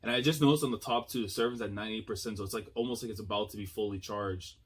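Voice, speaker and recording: A man giving casual, excitable reaction commentary as a YouTuber, thinking aloud with slang and frequent laughs. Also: fairly low pitch, fast, few pauses.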